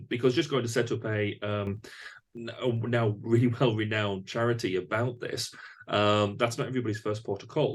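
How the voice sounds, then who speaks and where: A man hosting a podcast interview, talking thoughtfully with frequent fillers and restarts. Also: medium pitch. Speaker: podcast host. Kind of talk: conversational interview.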